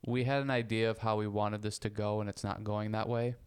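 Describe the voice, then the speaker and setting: A man's voice: fairly low pitch, little pitch movement, fairly quick, clear, resonant tone. A man co-hosting a podcast, talking things through earnestly in casual conversation and leaning on sports comparisons. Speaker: podcast co-host.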